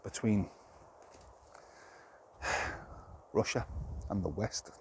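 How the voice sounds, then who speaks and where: A man's voice: fairly low pitch, extremely slow, slight background noise. A man talking to camera outdoors in a rambling, plain-spoken, exasperated monologue of his opinions. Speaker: vlogger.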